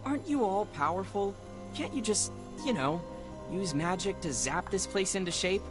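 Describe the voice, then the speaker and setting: A man's voice: high voice, expressive, moderate pace. A young man voicing an earnest, hardworking hero in a video game. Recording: game audio under music.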